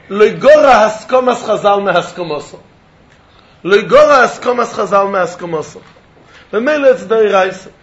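A man teaching a Talmud lesson in an animated way, mixing English with Yiddish and Hebrew terms and often laughing as he explains. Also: high voice. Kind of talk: Talmud lecture. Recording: dull lo-fi recording.

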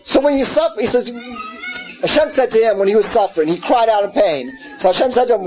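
High-voiced man teaching a scripture class. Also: animated, fast, a little mellow, highs cut off, faint music behind. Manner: earnest, repeats words, asks the class questions. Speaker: Torah teacher.

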